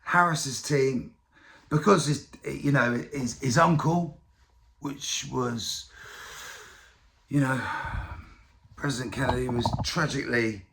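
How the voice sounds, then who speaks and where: Gravelly man ranting. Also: medium pitch, takes it slowly, long pauses. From United Kingdom. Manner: profane, rambling, animated. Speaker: political commentary vlogger. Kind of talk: casual political commentary.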